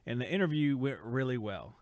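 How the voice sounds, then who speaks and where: A man's voice: mid-range voice, lively intonation, brisk, a little mellow, dry recording. A man hosting a casual live stream from a home studio, reading chat comments aloud and teasing the commenters in a rambling, joking way.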